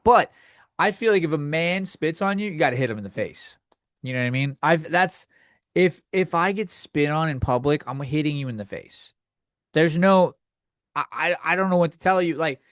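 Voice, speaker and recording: Young guy ranting on his comedy podcast, kinda high voice, swearing and fed up, dead dry sound. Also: fairly bright tone, dry recording. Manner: profane, exasperated ranting. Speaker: podcast host.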